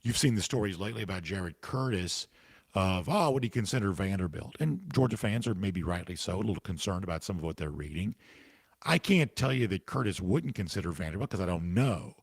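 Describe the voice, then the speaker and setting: Male sports podcast host with the hiccups, emphatic and conversational, husky voice, dry close mic. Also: low voice, animated, brisk, dry recording. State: has the hiccups. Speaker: podcast host answering listener comments. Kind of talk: casual opinion commentary.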